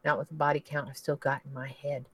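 A man's voice: a little high, little pitch movement, quick pace, husky, no room sound, low-quality recording. A man reading as a haunted war veteran. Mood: brooding. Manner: hushed, then desperate.

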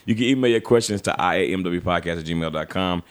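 A man's voice: low-pitched, fast talker. A man hosting a podcast in casual chat, loose and stumbling over his words as he reads the segments. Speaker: podcast host.

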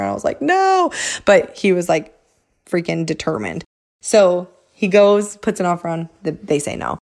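Young woman vlogger, lower-pitched voice, chatty storyteller who keeps slipping into quoted voices. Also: darkish tone. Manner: chatty, filler-heavy, acts out quotes. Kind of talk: casual storytelling to camera.

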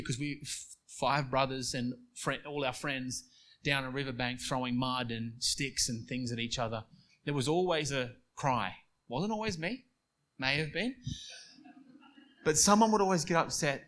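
A man preaching a sermon, moving between quiet storytelling and emphatic passages. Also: medium pitch.

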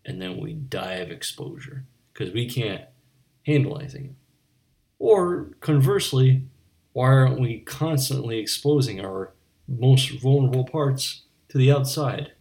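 Speaking to viewers on camera, a man with a mid-range, gravelly, slightly mellow voice delivers an animated but unhurried absurdist comic monologue. He rambles between mock-philosophical musings and stammering restarts.

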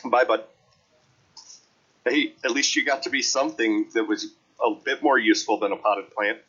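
A man playing a tabletop game, joking and expressive in casual chat with the table, on a dull lo-fi recording. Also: medium pitch, normal speed, breathy edge. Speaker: player.

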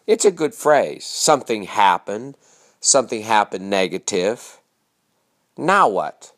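A man's voice: low voice, a little slow. A middle-aged man, hosting a motivational monologue in short, emphatic, repeated phrases. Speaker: motivational speaker and show host.

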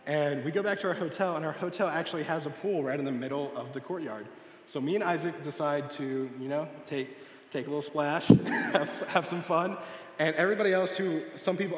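A young man preaches to a church group in a slightly high voice, telling a story with lively acted-out dialogue. The sound carries a long, roomy reverb from the hall, with faint background ambience. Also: slight background noise. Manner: animated storytelling, acting out quoted dialogue. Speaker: youth speaker. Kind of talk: sermon with personal story.

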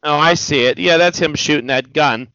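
Animated swearing man, dry lo-fi sound. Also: on the high side, normal speed, no room sound. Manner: animated, swearing, quotes movie lines in mock voices. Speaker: podcast host. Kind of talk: casual chat.

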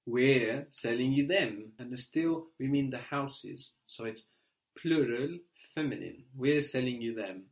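A man's voice: mid-range voice, takes it slowly. A man teaching a language lesson, patiently prompting and correcting a learner.

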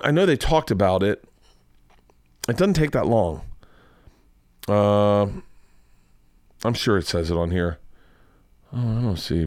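A man's voice: lowish voice, clear, resonant tone, no room sound, clean studio sound. A man hosting a podcast, doing a loose, rambling, profane ad read full of restarts and hyped bursts. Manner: rambling, profane, self-interrupting. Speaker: podcast host reading ads.

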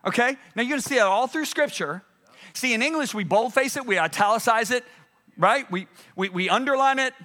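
A man preaching a sermon with a high, bright, forceful voice. He pushes words hard at the peaks, then sinks into hushed passages. His delivery is emphatic and dramatic throughout. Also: expressive, a little fast. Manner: emphatic, swings from loud urgent peaks to hushed low passages.

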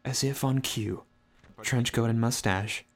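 A man's voice: mid-range voice, unhurried, slight background noise, natural voice. A man voicing a weary duck private eye. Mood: wry. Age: middle-aged. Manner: dry, wisecracking, deadpan. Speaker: private detective narrator. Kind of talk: hardboiled noir game narration.

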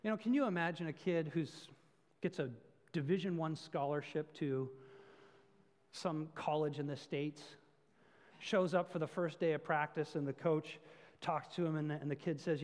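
A man's voice: a little high, fairly even intonation, normal speed, darkish tone, in a large hall. A man preaching a sermon as pastor, telling stories earnestly with self-deprecating asides.

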